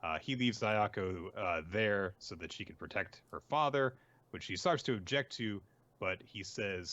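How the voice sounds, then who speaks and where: A man hosting a casual podcast, recapping comics with a relaxed, chatty manner, lots of fillers and laughs. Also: on the low side, measured pace, highs cut off. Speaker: podcast host. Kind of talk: casual chat recapping manga.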